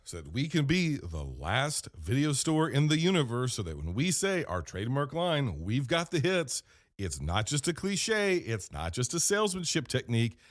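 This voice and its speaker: A man hosting a podcast, rambling through a comedic in-character monologue with deadpan storytelling and self-corrections. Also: medium pitch, normal speed, few pauses, no echo, clean studio sound. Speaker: podcast host.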